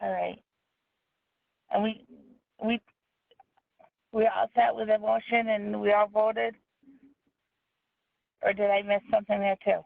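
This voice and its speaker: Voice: medium pitch, level tone, unhurried, creaky, pauses often, no room sound. A meeting chair who sums up decisions and checks for agreement. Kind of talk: chairing a conference-call meeting. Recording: tinny phone line.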